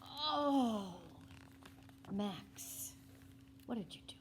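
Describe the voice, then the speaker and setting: A woman reading a picture book aloud to children, animated with hushed whispery asides. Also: on the high side, drawn-out words, slight background noise. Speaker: library guest reader.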